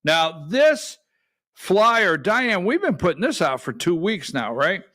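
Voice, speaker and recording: A man's voice: high-pitched, sing-song, slow, sharp tone. A middle-aged man hosting a political talk radio show from a studio, folksy and calling on his producer for clips.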